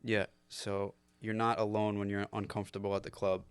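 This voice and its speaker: Flat-voiced young man giving advice. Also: on the low side, moderate pace, clear, resonant tone, no room sound. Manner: laid-back, gives friendly advice. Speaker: podcast co-host. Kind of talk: casual podcast chat.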